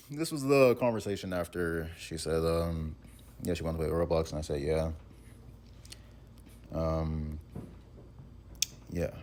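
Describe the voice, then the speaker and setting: Very low gravelly young man, rambling. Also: darkish tone, a little hiss or hum. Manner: rambling, halting, full of fillers and restarts. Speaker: content creator responding to allegations. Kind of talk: casual recounting while reading messages aloud.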